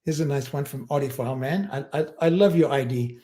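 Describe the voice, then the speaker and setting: A man's voice: medium pitch, a little fast, warm tone. A man hosting a casual livestream chat, telling rambling stories and chuckling as he talks. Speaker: livestream host.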